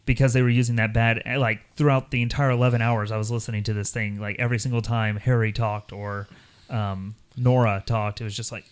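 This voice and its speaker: A man co-hosting a podcast, talking in a rambling, animated way and putting on voices when he quotes people. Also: medium pitch, brisk, clear, resonant tone. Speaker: podcast co-host. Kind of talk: casual chat.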